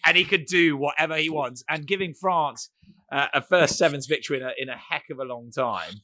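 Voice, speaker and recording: Bright, crisp man in dry studio. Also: on the high side, brisk, no echo. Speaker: podcast co-host. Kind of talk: casual rugby chat.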